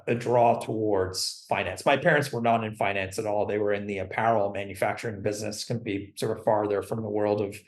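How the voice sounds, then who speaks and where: A man's voice: medium pitch, creaky, echoey room. A man answering interview questions about his career in a rambling, conversational way, with frequent restarts and fillers. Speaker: guest, company CFO.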